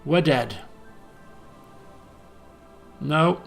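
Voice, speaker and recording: Man, game commentary, lively high voice, gravelly, bright. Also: slow pace, pauses often, soft background music. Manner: jokey, animated, exasperated. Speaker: let's player.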